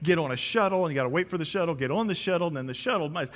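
A man in his forties, a pastor preaching a sermon, telling a lively personal story and acting out the dialogue. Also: a little high, racing, few pauses.

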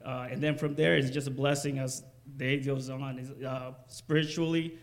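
Gravelly, halting man giving testimony. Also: mid-range voice, flat delivery. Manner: halting, full of pauses and fillers. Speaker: congregation member giving testimony. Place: church sanctuary.

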